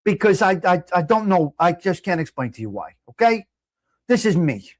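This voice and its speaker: A man's voice: high-pitched, very animated, moderate pace, no echo. A man in a heated, profane livestream rant, hosting his own show. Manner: angry, profane, shouting at times. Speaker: livestream host.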